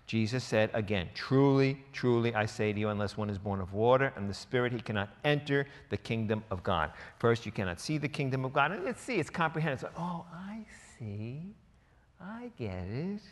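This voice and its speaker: A male pastor preaching in a conversational, emphatic way, breaking into quick quoted asides. His voice sits at an ordinary middle pitch. The sound carries a long reverb from a church hall. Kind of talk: sermon.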